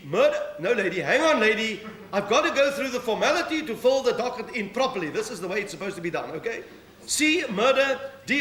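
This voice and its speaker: A man's voice: sits high, a bit bright. A man on stage voicing a fussy, flustered police desk sergeant, taking a call. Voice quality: fussy and officious, talks over the caller. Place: live theatre stage. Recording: roomy live stage recording, faint hum.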